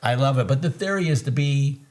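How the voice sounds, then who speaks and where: A man's voice: medium pitch, fairly quick, a little mellow. A man hosting a live market recap, talking casually, laughing easily and throwing in folksy sayings. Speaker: trader and show host.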